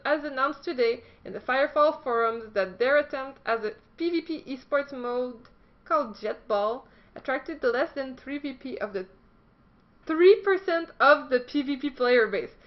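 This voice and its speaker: A woman's voice: high-pitched, lo-fi sound. A woman hosting a casual esports news vlog, chatty and self-deprecating, stumbling now and then as she reads.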